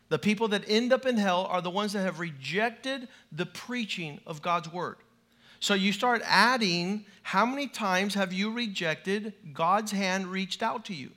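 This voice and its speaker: A man preaching a lively sermon in a church to a large congregation, animated and playful, leading call-and-response. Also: high-pitched, a little slow.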